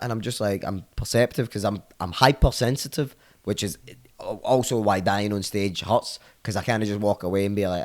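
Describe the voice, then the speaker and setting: A man's voice: lowish voice, a little fast, darkish tone. A man with a Scottish accent, a comedian and podcast guest telling rambling, sweary stories in casual chat.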